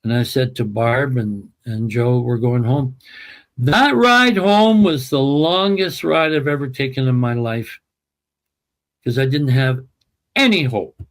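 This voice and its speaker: A man as an interview guest, telling an emotional personal story in an earnest, emphatic way. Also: mid-range voice. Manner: earnest, emphatic, slow and deliberate.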